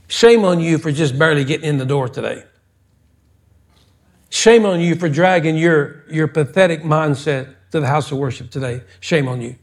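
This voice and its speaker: A man preaching a fervent sermon as pastor in a church, scolding his congregation and rising to loud, insistent exhortation. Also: fairly high pitch, normal speed. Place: church sanctuary.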